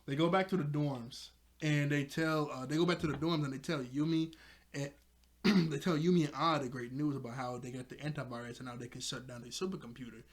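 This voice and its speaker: Male reviewer, slightly higher voice, casual excitable recap delivery, chuckles often. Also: fairly quick. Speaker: episode reviewer.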